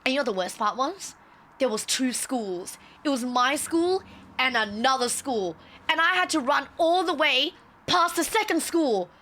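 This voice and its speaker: A young woman tells a story on her stream in a high, bright voice. She is animated and swears freely, and she slips into the people she quotes. It sounds like casual chat with her viewers. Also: normal speed, slight background noise.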